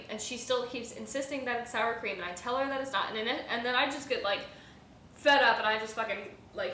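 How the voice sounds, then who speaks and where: A young woman rambles through a workplace story in a casual vlog, animated and profane. Her voice sits a little high and bright, and a roomy echo and a faint hiss hang around it. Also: a little fast. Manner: rambling, animated storytelling with frequent swearing and fillers. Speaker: restaurant server and vlogger. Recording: echoey room with faint hiss.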